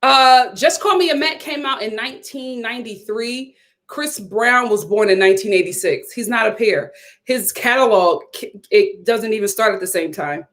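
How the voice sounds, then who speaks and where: With a fairly high voice at a normal speed, a young Philly woman runs a live stream, going through viewer comments with animated, sassy chatter and frequent laughs.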